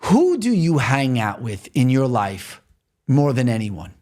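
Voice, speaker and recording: A man's voice: mid-range voice, big pitch swings, a little slow, a little mellow. A man from New York hosting a podcast, talking earnestly and repetitively straight to the listener in a motivational monologue. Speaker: podcast host.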